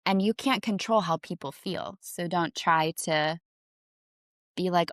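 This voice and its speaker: Lady coach doing a chill advice vlog, kinda low voice, says like a lot, dead dry sound. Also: slow, no room sound. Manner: chatty and relaxed, frequent "like" fillers. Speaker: confidence coach.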